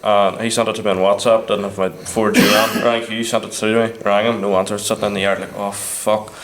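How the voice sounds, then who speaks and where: A man's voice: on the low side, little pitch movement, a little fast, a bit bright. A man co-hosting a podcast, telling a self-mocking story in casual chat and quoting himself. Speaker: podcast co-host. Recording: echoey room with faint noise.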